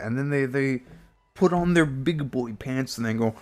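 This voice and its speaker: A man streamer ranting casually and heatedly with lots of swearing, jumping into high silly voices to mimic people. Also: moderate pace, darkish tone, soft background music. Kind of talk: casual rant on a live stream.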